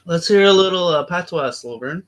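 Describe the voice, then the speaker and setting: A man's voice: high-pitched, animated, normal speed, fairly bright tone, slight background noise. A man in casual chat on a stream, eager and teasing.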